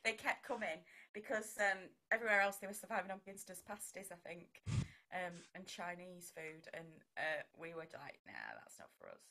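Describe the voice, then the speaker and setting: Vicar lady chatting away, bright voice, acts out little conversations. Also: lowish voice, normal speed. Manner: chatty and animated, acts out quoted exchanges. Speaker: vicar and broadcaster. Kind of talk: conversational interview.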